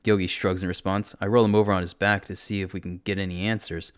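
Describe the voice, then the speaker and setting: Steady male narrator, first person, close mic and bone dry, no room at all. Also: low-pitched, fast talker, clean tone, no room sound. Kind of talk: first-person audiobook fiction reading.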